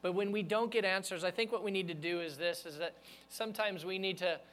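A man's voice: high voice, brisk, a bit bright. A man preaching a sermon as pastor, speaking to the congregation in a conversational, earnest way.

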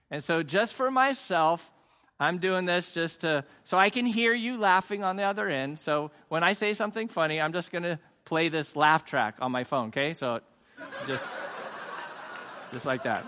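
A man's voice: high-pitched, pushed and bright, long reverb tail. A man preaching an online sermon to an empty room, chatty and joking, then earnest. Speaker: pastor. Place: church hall with no audience.

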